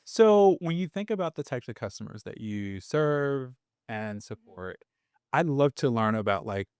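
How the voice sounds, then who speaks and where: A podcast host chats in a mid-pitched voice, asking rambling questions that restart and fill in with "like." The pitch jumps up and drops off often, and the sound is dry and close. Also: lively intonation, moderate pace, darkish tone, clear, resonant tone, dry recording. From Tennessee, US. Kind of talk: casual interview conversation.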